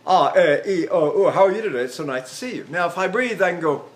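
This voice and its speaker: A man's voice: sits high, animated, fast. A man in his eighties, a voice teacher, giving a chatty lecture on vocal technique and breaking into sung examples. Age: 80s.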